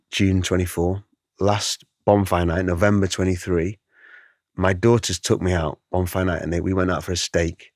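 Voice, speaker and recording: A middle-aged guest artist with a very low voice recounts his story during an interview, animated and emotional, imitating the people he quotes. The room sounds dry and close, with no echo.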